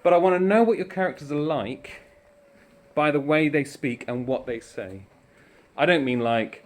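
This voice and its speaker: A man's voice: mid-range voice, moderate pace. A man, a primary school teacher, giving encouraging instructions for a remote lesson while walking around a school, a little out of breath. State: slightly out of breath. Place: indoors in a school, walking between rooms.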